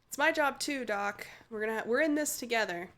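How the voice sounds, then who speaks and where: A playful woman streamer chats about her game and jokes with her viewers. Her voice sits fairly high and bounces around a lot. She giggles often between her lines. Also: fairly bright tone. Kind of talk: casual game commentary.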